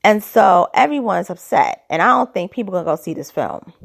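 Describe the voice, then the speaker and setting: A woman's voice: medium pitch, animated, a little fast, creaky. A woman talking through casual, opinionated commentary, asking skeptical rhetorical questions, her throat a little dry. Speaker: commentary vlogger.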